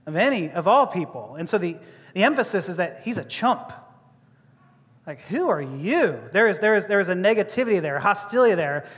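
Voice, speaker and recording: A man's voice: sits high, a bit bright. A male preacher giving a sermon, joking and laughing as he talks, often restarting his words. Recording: long reverb of a large hall.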